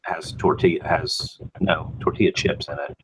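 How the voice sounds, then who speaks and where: A man's voice: extremely low pitch, fairly even intonation, normal speed, a bit bright, slight background noise, poor audio. A man hosting a casual live morning show, chatting in a wry, wondering way. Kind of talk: casual chat.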